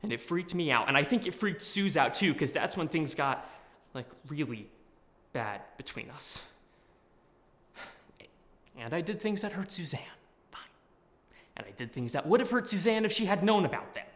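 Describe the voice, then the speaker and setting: A man's voice: fairly high pitch, very animated, normal speed, a bit bright. A man performing an audition monologue as a young man earnestly pleading with a close friend. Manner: earnest, urgent, confessional. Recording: echoey hall.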